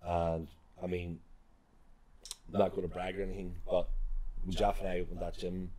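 A very deep-voiced man in his thirties, co-hosting a casual podcast. He tells stories in a loose, chatty way and laughs easily. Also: level tone, moderate pace, warm tone. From Northern Ireland. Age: 30s. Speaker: podcast co-host, gym owner and personal trainer. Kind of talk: casual chat.

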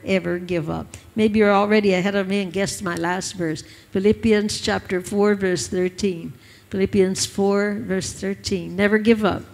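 A woman's voice: medium pitch, creaky. A woman pastor preaching a sermon, urging her listeners with emphatic, repeated lines. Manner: emphatic, repetitive exhortation.

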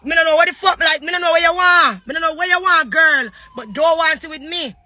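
A woman's voice: extremely high pitch, fairly quick, bright, forceful tone. A young adult woman with a Jamaican accent, ranting angrily and cursing on a live stream. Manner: cursing, confrontational. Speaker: social media personality. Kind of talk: angry live-stream rant.

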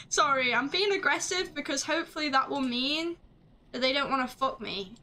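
A woman streaming a game live, chatting along as she plays, swearing freely and shouting at the screen. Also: high-pitched, moderate pace, slight background noise. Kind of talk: live gameplay commentary.

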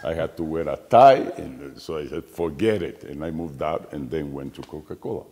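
Deep-voiced man. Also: expressive, warm tone. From Mexico. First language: Spanish. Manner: deliberate, halting with frequent fillers. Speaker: show host. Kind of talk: interview conversation. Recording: long reverb in the room.

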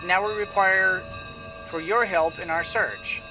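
A man voicing a serene, menacing nun who speaks calmly and portentously. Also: sits high, a little slow. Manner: calm, portentous delivery. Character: serene, menacing woman nun, devout and calm. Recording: distant mic with music behind.

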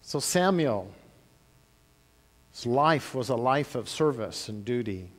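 A man pastor telling a Bible story to children in a church, animated, with big swings in loudness. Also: medium pitch, takes it slowly. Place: church sanctuary. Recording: long church-hall reverb.

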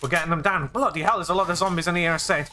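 A young man playing a zombie game, excitable and jokey, narrating his actions with "I said". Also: on the high side, racing. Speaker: gaming YouTuber.

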